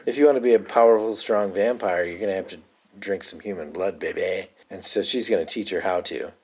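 A man's voice: deep voice, brisk, slightly rough. A man co-hosting a podcast, casually recapping a TV episode and quoting the characters' lines in a raised voice. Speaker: podcast co-host.

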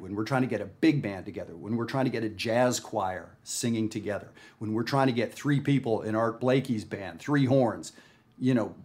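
A man's voice: mid-range voice, a little mellow. A man from Canada giving a casual video lesson on jazz, talking in a conversational, emphatic way and often checking in with "right?". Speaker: jazz music teacher. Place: home studio with his dog.

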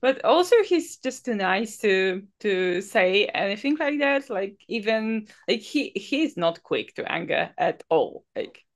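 A woman co-host speaks in a slow, unhurried way as she chats about a TV episode. She hesitates often and fills her pauses with "like" and "uh". Her voice sits at a middling pitch. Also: big pitch swings. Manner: unhurried, hesitant, many fillers, giggles. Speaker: podcast co-host. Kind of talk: casual episode review chat.

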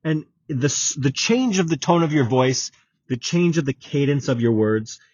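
A man's voice: mid-range voice, expressive, moderate pace, darkish tone, dry recording. A man hosting a solo podcast, giving direct coaching advice and repeating key points. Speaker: exam prep podcast host. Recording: dull lo-fi audio with clear background noise.

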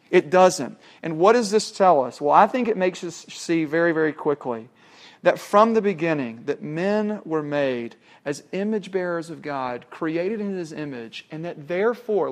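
Emphatic preacher, fairly high voice. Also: male voice. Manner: emphatic, rhetorical questions, swings from loud to hushed. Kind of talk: sermon.

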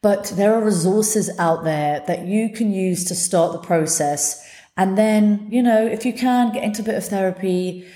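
A woman's voice: medium pitch, normal speed, dark tone, reverberant. A woman hosting her own podcast, talking candidly and from the heart, swearing freely as she speaks. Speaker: podcast host. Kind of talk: candid solo podcast talk.

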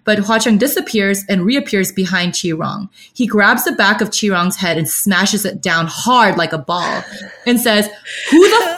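A woman co-hosting a podcast, recapping a novel in a casual and animated way, reading out characters' lines with dramatic flair. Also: medium pitch. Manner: animated storytelling, adds dramatic sound effects. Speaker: podcast co-host.

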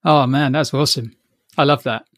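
A man's voice: medium pitch, fairly even intonation, normal speed, fairly bright tone, dry recording, studio quality. A man hosting a podcast interview, upbeat and effusive in his thanks. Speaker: podcast host.

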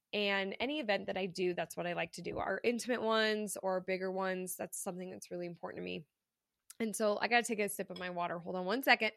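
A woman's voice: mid-range voice, creaky, no echo, studio quality. A woman hosting a podcast, talking casually and candidly on her own, congested from allergies, with frequent fillers and casual swearing. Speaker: podcast host. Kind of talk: casual solo podcast monologue.

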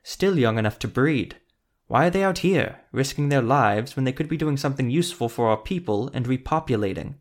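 A man's voice: mid-range voice, animated, fairly quick, lightly acted. A man voicing a weary, scarred male elf sorcerer who speaks tensely and insistently.

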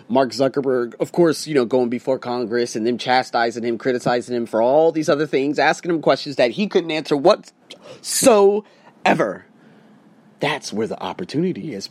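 Rambling man giving money advice. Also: fairly high pitch. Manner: rambling, conversational, emphatic slowdowns. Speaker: motivational vlogger. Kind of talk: casual talk to camera.

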